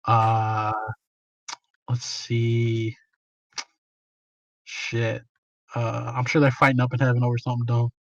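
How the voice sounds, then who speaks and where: A man's voice: medium pitch, completely flat delivery, slow, gravelly, long pauses, no room sound, lo-fi sound. A man hosting a podcast in casual, slangy chat, swearing freely. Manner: laid-back, slangy, swears a lot. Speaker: podcast host.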